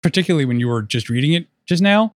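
A man's voice: fairly high pitch, lively intonation, very fast, no room sound, studio quality. A man co-hosting a podcast, chiming in with brief joking asides about a book. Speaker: podcast co-host. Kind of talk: casual book discussion.

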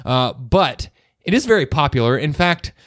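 A man's voice: a little high, very animated, normal speed, a bit bright, no echo, clean studio sound. A man hosting a podcast, chatting casually in a playful, bantering way. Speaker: podcast host. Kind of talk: casual chat.

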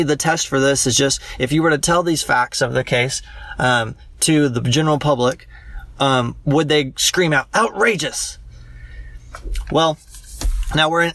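A man's voice: medium pitch, a bit bright, no echo, recorded from a distance. Young man thinking aloud through legal analysis. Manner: thinking aloud with many ums and restarts. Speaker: law student. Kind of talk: practice legal analysis talk.

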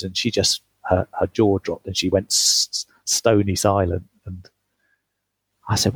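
A man's voice: mid-range voice, sing-song, normal speed, vocal fry, breathy edge, no room sound. A man being interviewed about his book, telling chatty travel stories with frequent laughter. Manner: chatty, laughs often, restarts mid-phrase. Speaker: guest, author. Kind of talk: storytelling interview.

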